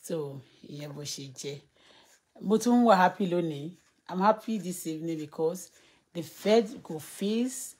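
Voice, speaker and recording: A woman's voice: fairly low pitch, moderate pace, darkish tone, slightly rough. Chatty Nigerian woman on a live stream. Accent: Nigerian, Yoruba-speaking. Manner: chatty, laughs often, reads viewer comments aloud. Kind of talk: casual live-stream chat mixing Yoruba and English.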